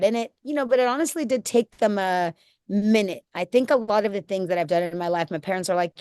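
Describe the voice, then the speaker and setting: A woman's voice: medium pitch, brisk, darkish tone, smooth, dry recording, clean studio sound. A woman in her thirties, a nonprofit founder speaking as an interview guest, heartfelt and rambling with many fillers and restarts. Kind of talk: candid conversational interview.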